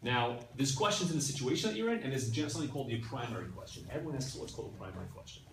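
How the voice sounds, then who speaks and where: A man teaching a class in a conversational, animated way, often checking in with his listeners. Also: medium pitch, very fast, crowd noise. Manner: animated, keeps checking in with "right?" and "yeah?". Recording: echoey room from a distance, faint ambience.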